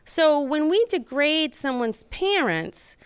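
A woman's voice: sits high, sing-song, slow, no echo. A woman host and local official giving an earnest talk show monologue, rambling with many ums and restarts.

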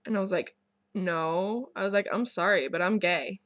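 A young woman talks straight to her camera, telling a personal story in a loose, rambling way full of ums and false starts. Her voice has a gravelly, fry-laden edge, and the room sounds dry and close. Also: medium pitch, steady tone, moderate pace, dry recording. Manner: rambling, many ums and restarts, candid. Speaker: vlogger.

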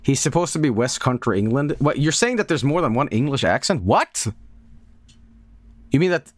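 A man's voice: mid-range voice, expressive, normal speed, dry recording. A man streaming a game, rambling and sardonic in casual commentary, laughing often.

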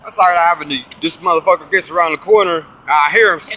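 Profane, animated man telling a story. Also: fairly high pitch, normal speed, slight background noise. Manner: animated, profane, preachy, acts out quotes. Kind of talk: casual storytelling vlog.

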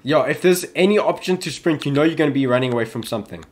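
A man's voice: on the high side, expressive, fast talker. A young man commentating as he plays a horror game, chatty and easily startled, yelping at scares. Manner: jumpy, yelps and shouts at scares, says "yo" a lot. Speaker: gaming youtuber.

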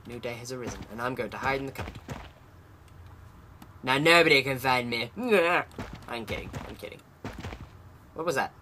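A man's voice: mid-range voice, normal speed, long pauses, bright, forceful tone. Jokey man commentating a horror game. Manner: jokey, talks to game characters, swears. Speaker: gamer playing a horror game. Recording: noisy home recording.

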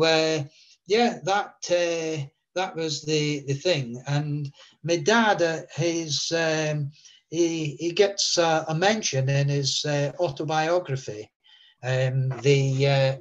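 A man's voice: fairly high pitch, takes it slowly, highs cut off. A man, a guest telling a long story in a rambling way with many fillers. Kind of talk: relaxed storytelling.

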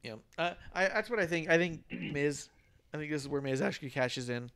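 A man's voice: fairly high pitch, a little fast, fairly bright tone, clean tone, dry recording. A man co-hosting a podcast, rambling in casual chat, swearing freely and chuckling. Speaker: podcast co-host.

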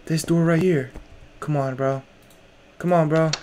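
A man's voice: fairly high pitch, fairly even intonation, a little slow, pauses often, dark tone. A young man playing a horror game, jumpy and nervous, talking to himself in casual slang. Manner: casual slang, lots of "bro". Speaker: gamer. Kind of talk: horror game let's play.

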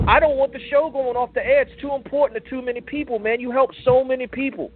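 A man's voice: very high-pitched, steady tone, fast. A man calling in to a talk show, emotional and earnest, stammering and restarting as he keeps calling the host brother. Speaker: caller to a call-in show. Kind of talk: heartfelt call-in plea. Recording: tinny phone line.

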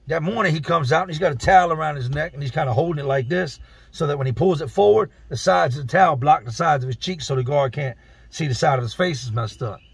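Gravelly, husky man telling street stories. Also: a little high, fast, no echo. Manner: streetwise slang, acts out quoted dialogue. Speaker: vlogger telling prison stories. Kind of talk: casual storytelling.

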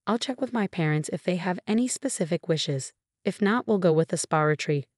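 Brief: woman voicing a casually dismissive husband, lowish, dry storybook read. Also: lively intonation, a little fast, a little mellow, dry recording. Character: adult husband, casual and secretive.

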